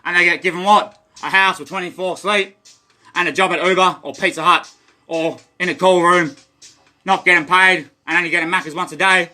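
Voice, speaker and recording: Australian man, livestreamer; rambling and profane, higher tense voice. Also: steady tone, fairly quick, sharp tone. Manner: rambling, profane, stream-of-consciousness. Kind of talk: rambling monologue.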